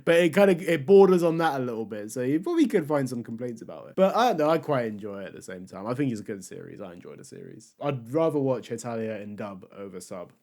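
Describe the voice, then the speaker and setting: A man's voice: medium pitch, animated, fast talker, few pauses, darkish tone. A man co-hosting a casual podcast chat, rambling with many fillers and restarts, and laughing often. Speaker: podcast co-host.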